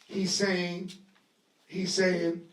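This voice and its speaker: A man teaching a Bible lesson to a live audience in a lively sermon style, talking conversationally, acting out scenes, and leading call-and-response. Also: high voice, drawn-out words. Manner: conversational, acts out scenes with voices. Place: room at a live gathering. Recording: echoey live room audio, voice distant.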